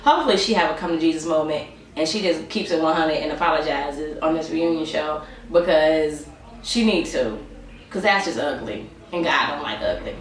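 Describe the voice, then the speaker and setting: A woman's voice: low-pitched, moderate pace. A tired woman in her twenties giving a sassy, chatty vlog review of a TV show and talking to her viewers as y'all. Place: room at home. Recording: roomy sound, mic at a distance.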